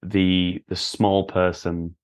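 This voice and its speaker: A man hosting a podcast in casual film chat, measured and thoughtful, sometimes trailing off. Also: sits low, flat delivery, clear, resonant tone. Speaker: podcast host.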